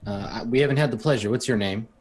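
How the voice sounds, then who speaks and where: A man's voice: mid-range voice, fast talker, darkish tone, voice pushed down, close to an everyday voice. A man voicing an overly polite, naive Southern country man who talks in a folksy, stammering, courteous way.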